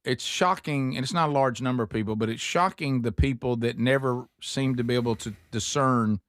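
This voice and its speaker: A man's voice: medium pitch, a little fast, a bit bright, dry recording, studio quality. A man hosting a talk show, chatting casually and folksily with his co-hosts, full of "uh" and "um". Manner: folksy, filler-heavy, calls co-hosts by name. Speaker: radio show host. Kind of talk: casual morning show banter.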